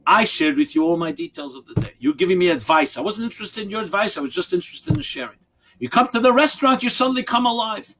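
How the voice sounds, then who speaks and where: A man's voice: high-pitched, sing-song, fast talker, creaky, music in the background, pitched above the performer's own voice, full character voice. A man voicing a frustrated, aggrieved wife. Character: frustrated wife recounting her day.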